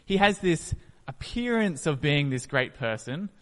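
A man's voice: fairly high pitch, big pitch swings, a little slow, fairly bright tone. A man preaching a sermon, retelling a story and acting out its scenes. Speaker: pastor. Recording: echoey hall.

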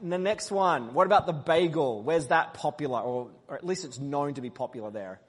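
Male preacher, slightly high husky voice, lively crowd quizzer, in a reverberant church hall. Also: a little fast. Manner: playful, quizzing the crowd, loud call-and-response. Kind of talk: interactive sermon with the congregation.

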